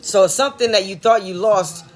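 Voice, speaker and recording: High-pitched guy doing a laid back tarot reading, chatty, soft murmured blessings, faint music behind. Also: a little fast. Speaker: tarot card reader. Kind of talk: casual live tarot reading.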